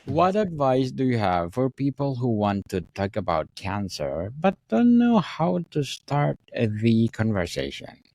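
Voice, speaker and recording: A man's voice: mid-range voice, huge pitch swings, a little slow, few pauses, a little mellow. A man hosting a podcast, praising his guest formally before he asks a question. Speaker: podcast host. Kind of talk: interview questions. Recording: faint crowd and noise behind.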